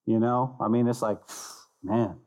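A man, a pastor, preaching an animated sermon who acts out little voices and repeats key phrases for emphasis. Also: medium pitch, unhurried, muffled recording. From United States.

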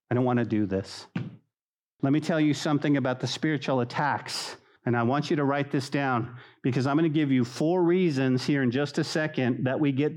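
Animated casual preaching man. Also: on the high side. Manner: animated preaching, acts out dialogue voices; casual slang-laced delivery. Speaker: pastor. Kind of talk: sermon.

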